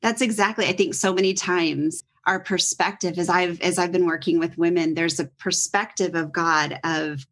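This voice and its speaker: A woman's voice: lowish voice, steady tone, moderate pace, few pauses, a bit bright, a little hiss or hum. A woman on a conversational faith podcast, affirming what she hears and quoting scripture.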